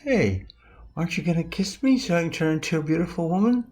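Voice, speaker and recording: A man's voice: a little high, lively intonation, quick pace, a little mellow, voice pushed up, natural voice. An older man voicing a small talking female frog that coaxes someone to kiss her. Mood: coaxing. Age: 70s. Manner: coaxing, pleading.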